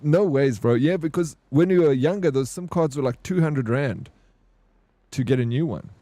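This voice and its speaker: A man's voice: fairly high pitch, normal speed, warm tone, dry recording. A man in his thirties with a South African accent, chatting casually on a game livestream in a rambling, laid-back storytelling way. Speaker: streamer.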